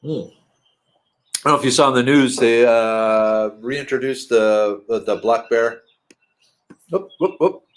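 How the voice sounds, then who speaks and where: A man's voice: mid-range voice, fairly even intonation, unhurried. A middle-aged man chatting casually in a home vlog, rambling and throwing in playful sing-song asides. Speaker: vlogger.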